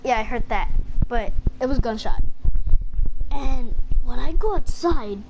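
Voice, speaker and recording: A woman's voice: on the high side, animated, a little slow. A woman casually telling a personal story, rambling with lots of fillers and swearing. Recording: noisy home recording.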